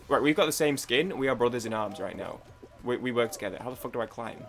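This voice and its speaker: A man's voice: medium pitch, lively intonation, quick pace, fairly bright tone. A young British man chatting casually while playing a game, rambling with many restarts and idle humming. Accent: British English. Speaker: gaming YouTuber. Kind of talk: casual gaming commentary.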